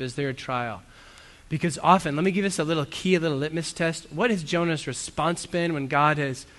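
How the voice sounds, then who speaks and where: Speaking in a slightly high, fairly bright voice, this pastor delivers a sermon in earnest, conversational fashion, poking fun at himself along the way. The church hall gives the recording a long reverb.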